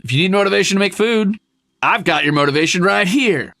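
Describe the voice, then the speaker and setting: A man streaming a zoo-building game, chatting casually with his viewers, animated and self-mocking, swearing freely. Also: high voice, brisk, no echo, clean studio sound.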